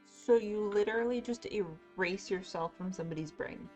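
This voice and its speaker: A woman's voice: medium pitch, moderate pace, a little mellow, soft background music. A woman running a tabletop roleplaying game as game master, casual and encouraging with her players.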